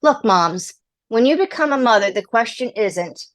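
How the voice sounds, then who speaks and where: A woman's voice: medium pitch, lively intonation, moderate pace. A woman guest on an interview show, giving advice to mothers in an emphatic, coaching manner. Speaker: guest parenting and PR expert.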